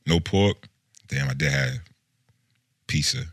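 A man co-hosting a casual chat, laid-back and animated, full of slang. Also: rumbling low, takes it slowly, no echo, clean studio sound. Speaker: co-host.

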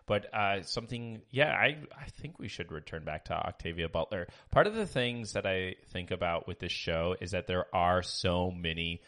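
A man's voice: low-pitched, normal speed, few pauses, a bit bright. A man co-hosting a podcast, chatting casually and hesitantly with many fillers, reading listener reviews aloud. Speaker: podcast co-host. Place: small home studio.

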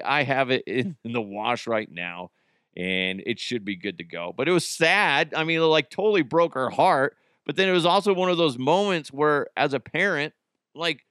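In his thirties and American, this podcast host chats casually on his own, telling animated stories and acting out the quotes. His mid-range voice has a clean tone, and the studio recording is clean with no room sound.

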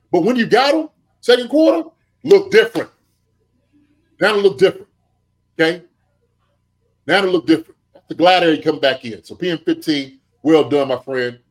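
A man who played tight end, giving animated sports analysis, full of rhetorical "okay?" and "right?" check-ins. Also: high-pitched. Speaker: podcast co-host, former tight end.

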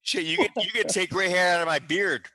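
A man hosting a casual chat, joking and teasing in quick banter. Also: high-pitched, very animated, gravelly, bright, forceful tone, no echo.

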